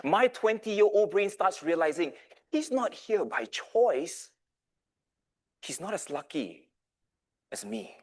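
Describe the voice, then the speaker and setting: A man's voice: sits high, very animated, slow pace, pauses often. A man in his thirties giving a dramatic storytelling speech with big swings in volume. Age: 30s. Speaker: club speaker.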